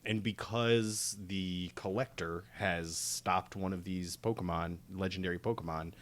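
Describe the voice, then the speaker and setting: A man's voice: deep voice, steady tone, unhurried. A man co-hosting a podcast, recapping in a wry, easygoing way. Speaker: podcast co-host. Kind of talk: casual chat.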